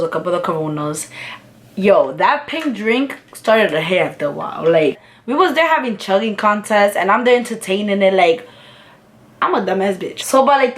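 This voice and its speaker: A young woman telling a candid, profane storytime vlog while doing her makeup, full of slang and fillers. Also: mid-range voice. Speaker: vlogger.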